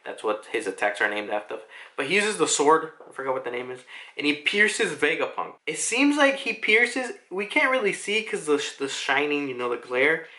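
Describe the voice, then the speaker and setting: A man casually reviewing a manga chapter, rambling, excitable and profane. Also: fairly high pitch, moderate pace.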